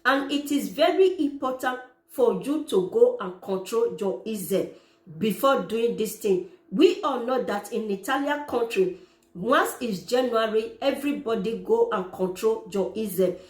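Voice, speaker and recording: A woman's voice: fairly high pitch, animated, a little slow. Earnest woman explaining, echoey room. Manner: repetitive, earnest, direct address. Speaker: parent giving advice. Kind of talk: informal how-to explainer.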